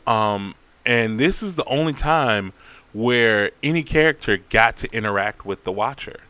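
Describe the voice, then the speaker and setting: A man casually recapping a story, rambling, profane and animated. His voice is bright and crisp, and the sound is dry and close. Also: mid-range voice, unhurried, no room sound.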